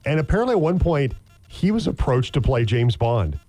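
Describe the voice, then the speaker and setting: A man's voice: mid-range voice, big pitch swings, fairly quick, mellow, no echo, faint music behind. A man with an American accent co-hosting a morning radio show, telling stories in a joking, rambling way with lots of restarts. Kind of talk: casual chat.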